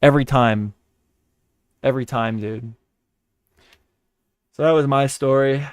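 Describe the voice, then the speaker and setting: A man's voice: medium pitch, fairly even intonation, measured pace, smooth, no echo. A man hosting a livestream, telling stories and giving blunt advice in a rambling, profane, offhand way. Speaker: livestream host. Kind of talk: casual livestream chat.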